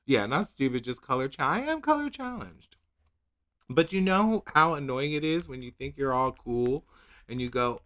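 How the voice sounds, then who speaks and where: A man's voice: mid-range voice, very animated, moderate pace, fairly bright tone. A man hosting a casual nail polish livestream, rambling, second-guessing himself and laughing at his own confusion. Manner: reads product blurbs in a mock-dramatic voice. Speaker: nail polish channel host.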